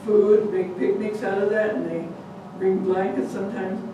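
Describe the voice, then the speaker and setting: An older woman telling a folk tale aloud to an audience, animated and chatty, slipping in Spanish words. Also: mid-range voice, normal speed. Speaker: storyteller. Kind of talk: lively live storytelling. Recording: echoey hall, distant mic, noisy.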